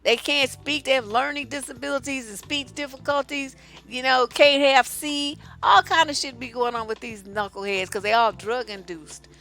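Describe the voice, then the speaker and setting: A woman's voice: high-pitched, moderate pace, few pauses. A woman relationship coach, giving blunt, profane, sassy advice while answering viewer questions on a live stream. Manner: profane, sassy, animated storytelling.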